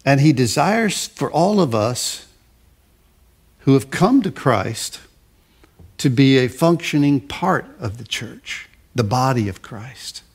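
An older male pastor delivers a sermon with a gravelly, creaky edge to his mid-pitched voice. He talks conversationally, stumbling over and repeating words, and he slows down to lean on repeated phrases. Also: lively intonation. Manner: stresses phrases in slow repeated lists.

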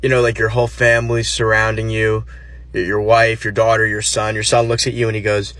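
A man telling an absurd comic story in a deadpan narrating manner. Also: fairly low pitch, quick pace. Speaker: comedian. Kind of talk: comedic storytelling.

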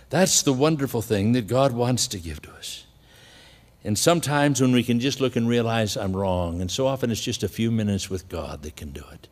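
A man's voice: medium pitch, in a large hall. Chuckling storytelling male preacher. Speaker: pastor. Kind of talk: sermon.

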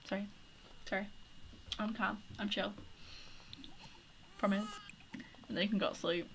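A woman's voice: medium pitch, steady tone, unhurried, long pauses, fairly bright tone. A woman commentating a life-simulation game, chatty and flustered, scolding her game characters. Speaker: gaming YouTuber. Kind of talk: casual let's-play commentary. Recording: background noise.

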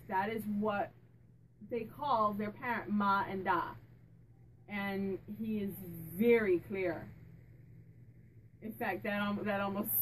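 A woman hosting her own channel, chatting casually as she asks a spirit questions out loud and repeats his answers back. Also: mid-range voice, a little hiss or hum, poor audio. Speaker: psychic medium and channel host.

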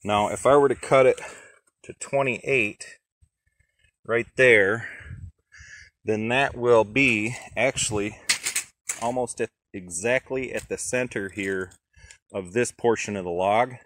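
A homesteader, speaking slowly with frequent pauses, walks through his sawmill work at an outdoor log pile in casual how-to narration full of fillers, as if thinking aloud. His voice is lowish and fairly bright, with slight background noise.

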